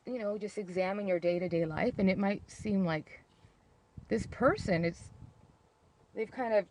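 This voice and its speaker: A woman's voice: mid-range voice, measured pace, darkish tone, slight background noise. Woman vlogger, candid storytelling, emotional, lots of fillers and restarts. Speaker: vlogger on narcissistic abuse.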